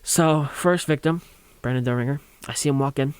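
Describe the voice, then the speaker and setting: A man's voice: mid-range voice, a little fast, clean tone, no room sound. A young man telling a rambling, funny story on a college radio show, acting out quotes and laughing along.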